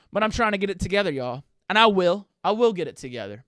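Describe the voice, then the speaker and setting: A man's voice: high voice, big pitch swings, fast, a bit bright, dry recording, clean studio sound. A young man hosting a podcast, talking in a profane, rambling, self-deprecating way. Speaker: podcast host. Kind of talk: casual comedic monologue.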